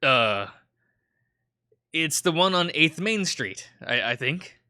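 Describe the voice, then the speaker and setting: A man's voice: on the high side, big pitch swings, takes it slowly, pushed and bright, clean tone, dry recording, studio quality, pitched above the performer's own voice, full character voice. A man voicing the nervous, stammering young man in his twenties who is the visual novel's main character. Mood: flustered. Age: 20s.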